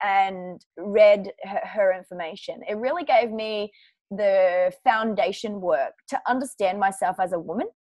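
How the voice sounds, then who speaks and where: A woman's voice: medium pitch, measured pace, darkish tone, dry recording. A woman hosting a podcast, talking casually and searching for words with fillers like "um" and "like". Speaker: podcast host. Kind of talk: podcast interview conversation.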